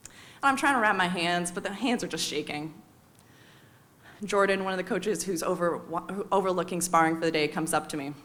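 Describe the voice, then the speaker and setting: American woman in her 30s doing a live personal story, wry and confessional, gets animated when she quotes people. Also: fairly low pitch, fairly quick. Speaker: storyteller on stage.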